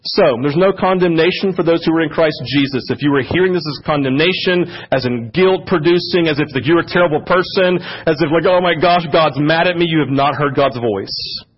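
Pastor, man, sermon delivery that builds in energy; slightly raised pitch, muffled lo-fi church recording. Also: a little fast, few pauses, breathy edge. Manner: gets louder and higher when fired up. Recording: dull lo-fi church audio.

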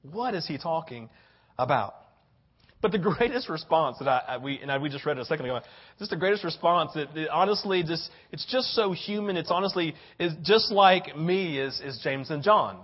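An older man preaching a sermon, animated and acting out little voices, tossing in "right?" after many lines. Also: on the high side, fairly quick, husky, lo-fi sound. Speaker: pastor.

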